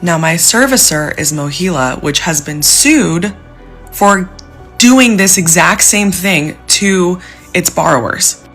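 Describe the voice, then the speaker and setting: A woman's voice: lowish voice, animated, slow pace, fairly bright tone, breathy edge, faint music behind. A young woman venting on a vlog, distressed and pleading as she talks about being stuck. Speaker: civil servant with student debt. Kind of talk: emotional vlog rant.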